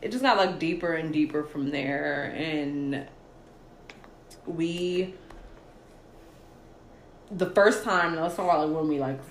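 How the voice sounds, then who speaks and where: A woman in her thirties chats casually, laughing often and acting out quotes. Her voice swings from high squeals to low murmurs. The room sounds roomy, with faint hiss. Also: slow pace, pauses often. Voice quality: laughing, emotional storytelling, acts out quotes. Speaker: podcast guest telling her love story. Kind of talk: casual chat.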